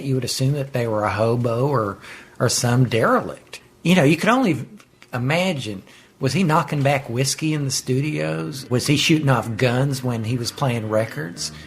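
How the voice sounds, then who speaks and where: A man's voice: mid-range voice, breathy edge. Man relishing a memory in an interview. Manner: vivid, relishing storytelling. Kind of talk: recalled storytelling in interview.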